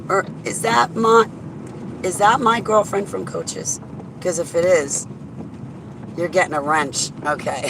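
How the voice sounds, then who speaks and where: Her voice sits in the mid range and she speaks without hurry. She's a vlogger talking to herself at the wheel on a highway, calling out viewers by name, while road and wind noise fill the car.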